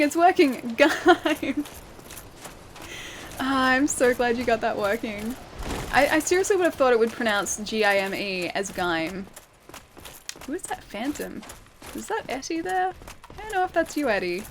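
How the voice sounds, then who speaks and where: Australian woman game streamer, chatty and quick to laugh, on a noisy recording. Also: a little high. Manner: chatty, laughs often, thanks viewers while playing. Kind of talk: live gameplay commentary. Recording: steady background noise.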